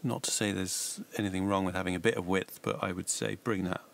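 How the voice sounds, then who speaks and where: A man, working as a mastering engineer, giving relaxed, hedged feedback on music mixes. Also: deep voice, brisk, creaky. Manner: relaxed, hedging suggestions. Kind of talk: casual spoken feedback.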